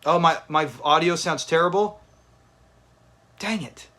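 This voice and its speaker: This livestream host, a father, runs a watch party for a sitcom episode, talking to his audience and laughing a lot. He speaks slightly slowly in a somewhat high voice that sounds pushed and bright.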